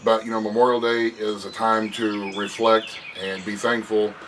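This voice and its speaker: A middle-aged vlogger chats casually on his front porch, folksy and rambling, often laughing as he talks. His fairly low voice has little pitch movement and a moderate pace, picked up by a distant mic, with birds and passing traffic behind him.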